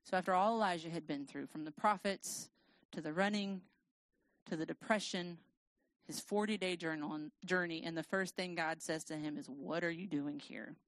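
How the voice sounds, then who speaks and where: A woman preaching in a relaxed, conversational way. She reads scripture aloud and adds wry asides. The sound is dry and close, with no room echo. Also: lowish voice, normal speed. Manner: casual, self-deprecating, lively storytelling. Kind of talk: sermon with scripture reading.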